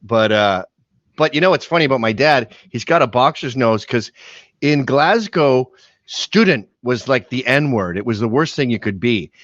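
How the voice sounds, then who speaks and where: A mid-range voice at a moderate pace belongs to a middle-aged podcast guest, English-born and Canadian-raised, with a mild Canadian accent. He tells anecdotes casually and with animation, shouting out the lines he quotes, over a dry, slightly dull mic with no room sound.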